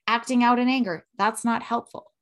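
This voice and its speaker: A woman's voice: fairly high pitch, steady tone, normal speed. A woman in her thirties hosting a solo parenting podcast, earnest, with a habit of tagging "right?" onto her points. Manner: earnest, repeats "right?" often.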